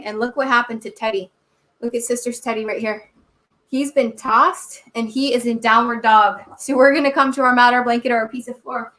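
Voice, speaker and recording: A woman's voice: a little high, a bit bright, recorded from a distance. A woman reading a children's story aloud and leading kids through yoga poses in an encouraging, cheerful way, recorded indoors on a camera mic. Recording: echoey room.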